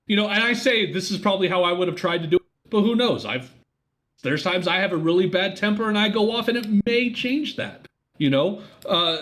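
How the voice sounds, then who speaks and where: A man's voice: high-pitched, a bit bright. A man co-hosting a podcast, arguing his side and telling stories in a rambling, casual way. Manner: argumentative, rambling, storytelling with restarts. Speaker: podcast co-host. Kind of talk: casual chat.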